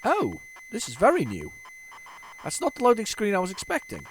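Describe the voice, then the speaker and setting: A man's voice: high voice, huge pitch swings, moderate pace, poor audio. Chatty rambling man, faint background hiss. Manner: chatty, rambling, stumbles and restarts, talks to viewers. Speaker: retro gaming video host. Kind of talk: casual running commentary.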